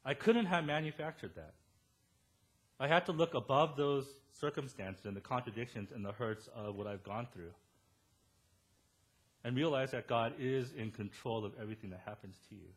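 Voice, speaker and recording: A man in his thirties preaching a sermon as pastor, animated and storytelling, quoting the people he talks about. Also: mid-range voice, normal speed.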